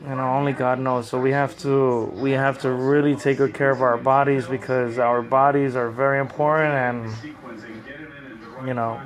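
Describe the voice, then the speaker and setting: A man on a live stream, rambling and halting, in pain after oral surgery with a swollen cheek, talking from bed into a phone. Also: mid-range voice, level tone. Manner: rambling, halting, repeats words. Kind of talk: casual live-stream chat. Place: lying in bed at home. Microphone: phone camera.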